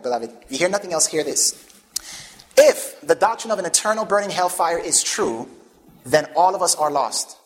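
Emphatic preacher asking the congregation questions. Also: male voice, sits high, a bit bright. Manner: call-and-response questions to the congregation. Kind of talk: sermon.

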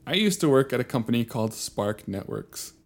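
A man co-hosting a podcast, talking in loose, profane casual chat and laughing often. His pitch swings up and down with lively movement. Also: brisk. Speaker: podcast co-host.

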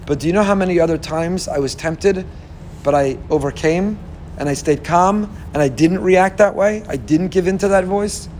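A man giving a lively sermon as a rabbi, acting out inner voices with humorous asides. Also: sits high, moderate pace, a little hiss or hum.

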